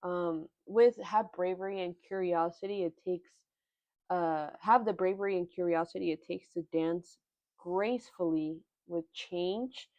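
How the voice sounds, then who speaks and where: A young woman giving a tarot reading in an earnest, halting way, often moved by what she says. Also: fairly low pitch, a little mellow, dry recording, muffled recording. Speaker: tarot reader. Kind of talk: pick-a-card tarot reading.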